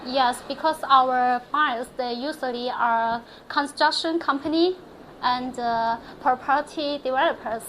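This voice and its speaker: A woman from a factory staff explaining how orders are handled, speaking hesitantly with many filler pauses, in a factory design office. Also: high voice, fairly bright tone, a little hiss or hum, rough recording. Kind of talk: casual explanation in English.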